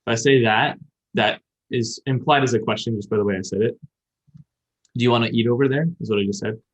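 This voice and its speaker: A fast-talking man with a mid-range voice hosts a podcast teaching Japanese, explaining grammar at length in a casual chat and thinking aloud as he goes. The recording has a dull, lo-fi sound.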